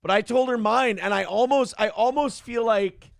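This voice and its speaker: A man's voice: very high voice, moderate pace, creaky, no echo, clean studio sound. A middle-aged man hosting a livestream, talking candidly and rambling, reading viewer messages aloud. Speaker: streamer host. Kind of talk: casual livestream chat.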